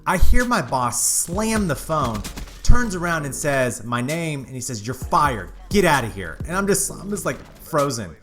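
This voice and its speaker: A man's voice: fairly high pitch, big pitch swings, measured pace, fairly bright tone, soft background music. A man hosting his own channel, candidly telling a personal story to his viewers in a casual, earnest way. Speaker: YouTube channel host.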